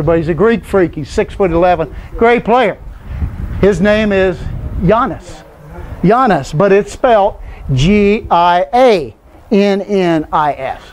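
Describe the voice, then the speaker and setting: A man's voice: high voice, a little mellow, slight background noise. A man leading a Bible class, asking the group questions and often answering them himself. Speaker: Bible study teacher. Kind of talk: conversational Bible teaching.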